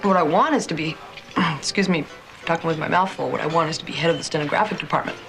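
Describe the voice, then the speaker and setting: An actress playing a coy young stenographer. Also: female voice, lowish voice, normal speed, lightly acted. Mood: wistful. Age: young adult. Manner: teasing and coy. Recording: film scene with music behind.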